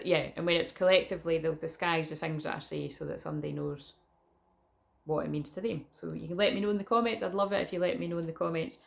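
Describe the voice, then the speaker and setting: A Scottish woman talks straight to the camera in a loose, rambling vlog, jumping between half-finished thoughts. Her voice sits a little low, with a gravelly fry running through it. She swears casually and keeps circling back on herself. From Scotland. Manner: rambling, chatty, restarts often, swears casually. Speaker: psychic reader. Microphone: camera in front of her.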